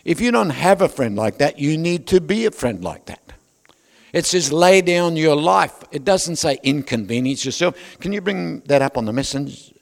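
Joking preacher in a reverberant hall. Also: male voice, on the high side, expressive, moderate pace, gravelly. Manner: conversational, joking asides to the congregation. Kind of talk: sermon. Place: large church hall. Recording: long reverb of a large hall.

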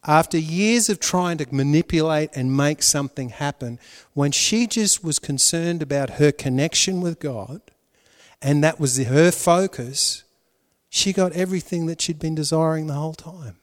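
Male pastor, fairly high voice, dynamic sermon delivery, long hall reverb. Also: moderate pace. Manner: dynamic preaching, swinging from loud emphasis to hushed prayer.

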